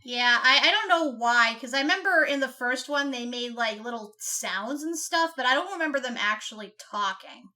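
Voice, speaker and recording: A woman chatting as a podcast co-host about a film. Her voice is bright and a little high, and her talk runs loose and chatty, full of "like" and "you know". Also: lively intonation, normal speed, hardly any pauses. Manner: chatty, many "like" fillers. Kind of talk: casual movie review chat.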